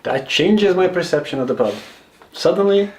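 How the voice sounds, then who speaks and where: A man's voice: sits high, animated, normal speed. A man from Brazil chatting casually as a guest, eager to recommend places. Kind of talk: casual chat.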